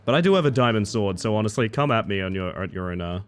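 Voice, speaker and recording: Fast-talking and expressive, with a fairly low, smooth voice, this man plays a racing game live. He keeps up casual banter, joking around with his viewers' comments as he plays.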